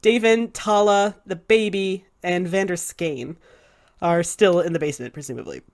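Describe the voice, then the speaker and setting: A woman narrating a tabletop game as game master, relaxed, with many pauses and fillers. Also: on the low side.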